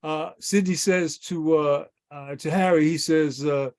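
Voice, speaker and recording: A man with a fairly high voice tells a story over a video call. He builds it up vividly. He gives each quoted line its own voice. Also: steady tone, a little slow, darkish tone. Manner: vivid storyteller who acts out quoted lines. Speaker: guest sharing memories.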